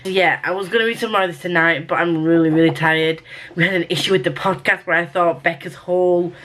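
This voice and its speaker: A young woman talking casually to camera in a weekly reading vlog, chatty and rambling with quick asides. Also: fairly low pitch, a bit bright. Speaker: book vlogger.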